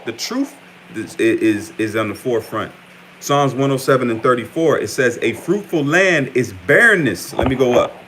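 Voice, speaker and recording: Brief: American man, mid-pitched, street-style preacher, casual and repetitive, stumbles and restarts phrases. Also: moderate pace, slight background noise. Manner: conversational, repeatedly says "man", frequent stammers and restarts. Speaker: preacher giving an online update. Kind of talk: informal preaching with scripture reading.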